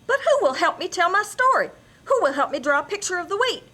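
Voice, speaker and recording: A woman's voice: very high voice, sing-song, fast, bright, forceful tone, full character voice. A woman voicing a fussy, nagging little red hen who keeps asking insistent questions, in a storybook reading. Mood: pestering.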